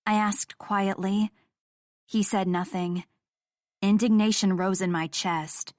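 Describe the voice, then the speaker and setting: A woman narrating a first-person romance audiobook in a measured, emotional reading. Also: mid-range voice, fairly even intonation, darkish tone, dry recording, studio quality.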